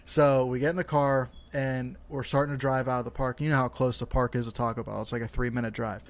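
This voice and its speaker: A young man in the middle of his natural pitch range tells a casual podcast story. He rambles, leans on "like" constantly and swears freely as he talks. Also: little pitch movement, fast. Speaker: podcast co-host.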